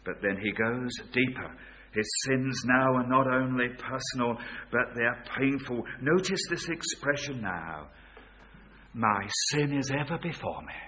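A man preaching a sermon, swinging from hushed, quiet lines to loud, ringing ones. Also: mid-range voice, unhurried. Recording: dull lo-fi recording.

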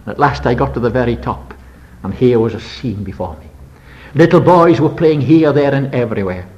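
An older man preaching a sermon as a story, dramatic, swinging between loud bursts and hushed low passages. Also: animated, normal speed, dull audio.

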